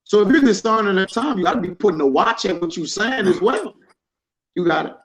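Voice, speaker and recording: A man's voice: high voice, animated, a little fast, poor audio. A man in a Bible study group who reads out word definitions and chimes in with easy agreement. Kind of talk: reading definitions and casual discussion.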